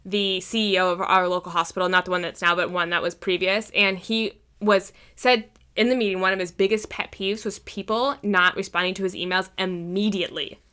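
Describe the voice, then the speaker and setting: A woman with a bright, forward voice chatting on a podcast. She tells stories loosely, swears often and acts out what people said. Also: medium pitch, fairly even intonation, fairly quick, few pauses, clear, resonant tone. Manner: swears freely, acts out quotes in storytelling. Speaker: podcast co-host. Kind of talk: casual chat.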